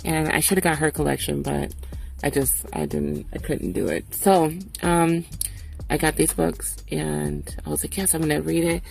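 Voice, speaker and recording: A woman vlogger in casual chat, relaxed and swearing freely. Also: sits low, unhurried, creaky. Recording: music playing behind her voice.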